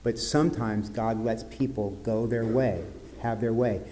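A man preaching a sermon as pastor, in an earnest way that drops to soft, grave tones. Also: fairly low pitch, fairly even intonation, unhurried, a little hiss or hum.

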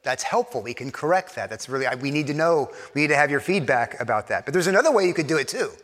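A man's voice: fairly high pitch, big pitch swings, fast talker, a bit bright. A man preaching a sermon in a conversational way, often repeating words and acting out imagined quotes. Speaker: pastor. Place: church. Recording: long church reverb.

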